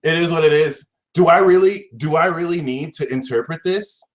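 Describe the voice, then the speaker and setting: A man giving a casual tarot reading, talking in a slangy, exasperated, theatrical way. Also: normal speed. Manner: dramatic, exasperated, swings to shouting and high-pitched outbursts; slang-heavy, fillers like "like", "y'all". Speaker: tarot reader.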